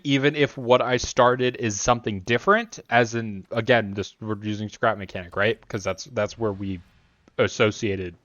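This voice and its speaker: A man's voice: mid-range voice, a bit bright, dry recording, dull audio. A man streaming a game, rambling in a joking way, answering chat and scolding the monster on screen. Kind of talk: casual live-stream chat while playing.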